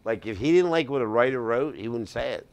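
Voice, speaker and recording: A middle-aged man, a comedian guest in a studio, telling animated anecdotes with quick asides. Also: mid-range voice, clean tone. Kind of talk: casual interview storytelling.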